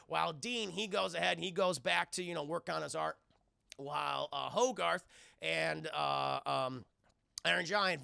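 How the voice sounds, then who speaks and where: A man's voice: a little high, gravelly, no echo, clean studio sound. A man streaming a casual, profane scene-by-scene film recap to his live chat, acting out the scenes. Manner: animated, swearing, acting out scenes.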